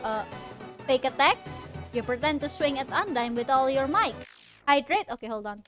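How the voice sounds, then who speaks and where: A woman streaming a video game, chatting casually, giggly and excitable. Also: high voice, normal speed, faint music behind. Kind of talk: casual let's-play commentary.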